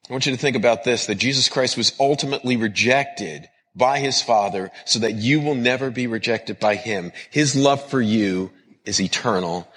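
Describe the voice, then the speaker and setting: A man's voice: medium pitch, normal speed, a bit bright, long reverb tail. A man preaching a sermon as a pastor and counselor, earnest and repetitive in his cadence.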